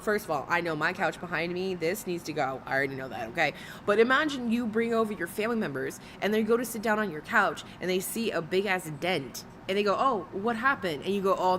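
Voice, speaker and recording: A woman's voice: mid-range voice, fairly bright tone, a little hiss or hum. A woman commentating on clips in a reaction video, sarcastic and blunt with profane rants.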